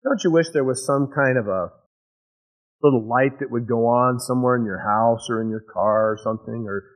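A male pastor delivering a sermon in a relaxed, conversational style. He explains each verse in plain, everyday words and brings the scenes to life by acting them out. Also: mid-range voice, normal speed, poor audio. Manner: casual storytelling preaching, explains verse by verse; acts out scenes with sound effects and voices.

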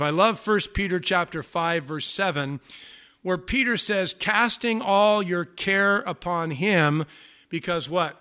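A man's voice: fairly high pitch, bright, forceful tone, smooth. A middle-aged man preaching a sermon, telling stories with self-mocking humor in a conversational way. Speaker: pastor.

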